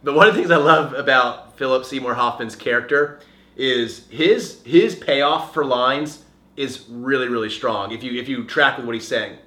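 A man chatting casually as a podcast co-host, retelling film scenes with acted-out quotes. His voice is bright and forward. The room gives it a noticeable echo. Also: medium pitch, normal speed. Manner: animated storyteller, acts out quotes. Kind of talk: casual movie discussion. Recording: echoey room.

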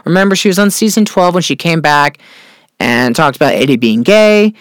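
A man hosting a casual pop-culture chat, gossiping with sarcasm, swearing freely and filling pauses with "uh". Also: on the high side, expressive, clear, resonant tone, no echo, studio quality. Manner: chatty, gossipy, swears freely, many fillers; sarcastic, repeats catchphrase. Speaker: podcast host.

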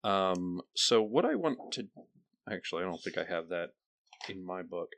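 A man's voice: low voice, sing-song, normal speed, a bit bright. A man playing a tabletop role-playing game, chatting casually and hesitantly. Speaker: player.

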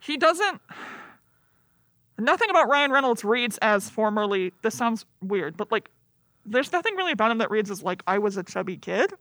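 A woman's voice: fairly high pitch, sing-song, moderate pace, a bit bright, dry recording, clean studio sound. A young woman co-hosting a casual podcast about a movie, blunt, sweary and sarcastic. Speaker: podcast co-host.

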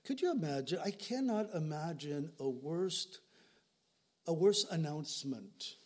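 A man's voice: fairly high pitch, lively intonation, unhurried. An older male pastor preaching an earnest sermon, telling stories and often repeating words as he speaks. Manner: earnest, storytelling, repeats words when moved.

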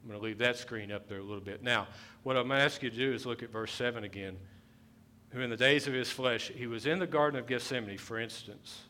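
A male pastor preaching a sermon, repeating his phrases and rising to loud, emphatic bursts. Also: medium pitch. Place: church sanctuary.

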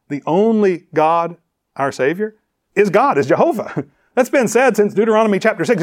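A man preaching a teaching sermon, animated and chuckling often, firing rhetorical questions at his listeners. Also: mid-range voice.

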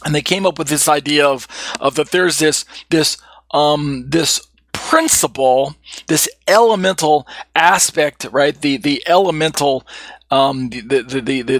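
A man's voice: fairly high pitch, unhurried, fairly bright tone, no room sound. Man teaching theology, dry close mic. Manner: rambling, many restarts and fillers. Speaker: Bible teacher. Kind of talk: unscripted theology lecture.

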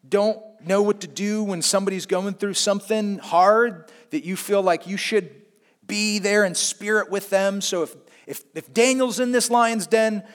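Expressive preacher with a high male voice. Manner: expressive storytelling, swings between hushed and emphatic. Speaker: pastor. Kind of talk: sermon.

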